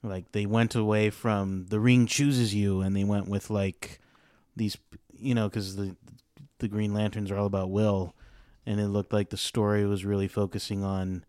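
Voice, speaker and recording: Rambling man with a smooth, dry voice. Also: on the low side, flat delivery, moderate pace, a little mellow, dry recording. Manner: rambling, many fillers and restarts. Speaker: podcast guest. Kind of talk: casual chat.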